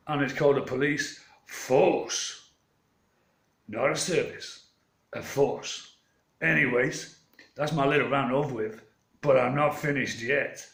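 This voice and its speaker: A man with a slightly high, fairly bright voice hosts his own channel, recorded in an echoey room. He delivers a rambling monologue, a long, meandering story told as a defiant rant with plenty of swearing.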